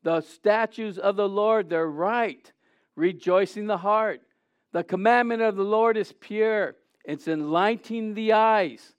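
High-voiced, animated male preacher. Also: measured pace, smooth, no room sound. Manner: animated, acts out scenes, asks the audience questions. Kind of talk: sermon with scripture reading.

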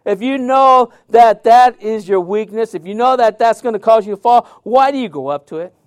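A man preaches with a high, lively voice, telling stories with sudden loud outbursts and hushed drops. His sound is dry and close, with no room echo. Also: smooth. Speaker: pastor. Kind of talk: sermon.

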